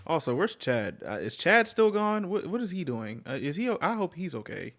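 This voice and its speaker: Male reaction host, lively swinging pitch, blunt and profane, casual running commentary. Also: normal speed. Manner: blunt, swearing, animated outbursts.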